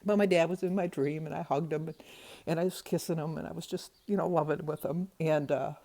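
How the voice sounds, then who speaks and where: A chatty older woman rambles through her day in a casual vlog, her voice sitting low and sounding mellow. The recording is dry and close to the mic. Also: fairly even intonation, fairly quick, dry recording. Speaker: vlogger.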